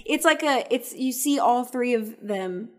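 A woman co-hosting a podcast in casual chat, chatty and quick to laugh. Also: a little high, lively intonation. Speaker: podcast co-host.

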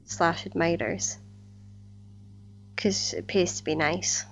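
A woman's voice: lowish voice, slow, vocal fry, slight background noise. Earnest woman co-hosting a podcast. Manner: earnest, enthusiastic, restarts often. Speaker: podcast co-host. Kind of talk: casual chat.

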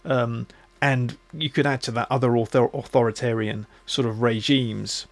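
A man hosting a podcast, talking in a musing, halting way with many restarts. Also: mid-range voice, fairly even intonation. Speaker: podcast host. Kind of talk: casual reflective monologue.

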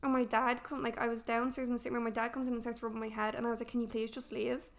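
Fast-talking young woman telling a story. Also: on the high side, little pitch movement. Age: 20s. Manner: candid storytelling full of fillers and swearing. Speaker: podcast guest. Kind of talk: casual chat.

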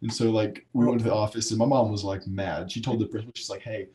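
A man's voice: fairly low pitch, steady tone, fast, mellow, a little hiss or hum. A man in his twenties hosting a podcast, telling a rambling story with a lot of laughter. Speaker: podcast host. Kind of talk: casual chat.

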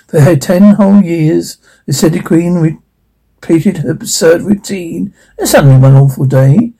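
A man's voice: on the high side, moderate pace, gravelly, breathy edge, poor audio. A man playfully reading a rhyming fairy tale aloud to children. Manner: playful, expressive. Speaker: storyteller.

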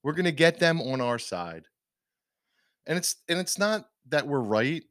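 A man holds forth on a casual podcast, emphatic and ranting, often restarting his sentences. His pitch rises and falls widely. The sound is dry and close. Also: very animated, measured pace, a bit bright, dry recording. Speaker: podcast co-host. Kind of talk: casual opinion chat.

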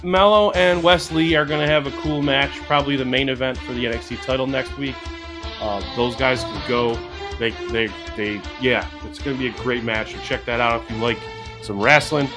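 A man's voice: mid-range voice, fairly even intonation, normal speed, music in the background. A man co-hosting a podcast, chatting casually and rambling with frequent restarts. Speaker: podcast co-host. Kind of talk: casual chat.

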